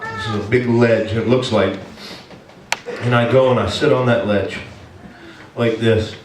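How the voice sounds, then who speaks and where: A man's voice: fairly low pitch, a little slow, pauses often, recorded from a distance, background noise. Man preaching a story in an echoey church. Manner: animated, emotional storytelling with many restarts. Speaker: pastor. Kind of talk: storytelling sermon. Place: church sanctuary. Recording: echoey church room from afar.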